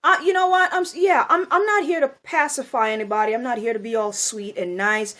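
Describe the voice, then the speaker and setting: A woman's voice: on the high side, fairly even intonation, fairly quick, a bit bright. A woman speaking in a blunt, scolding monologue, angry and firing off rhetorical questions. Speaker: video commentator.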